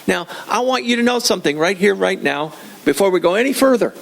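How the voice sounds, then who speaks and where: A man's voice: high voice, animated, quick pace, gravelly. An older man preaching a sermon in a church, conversational and joking, often repeating his phrases. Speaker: pastor.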